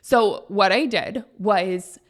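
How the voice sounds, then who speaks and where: A woman podcast host telling a personal story in a casual, animated, gushing way. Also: mid-range voice. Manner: animated, gushing, quick bursts of excitement.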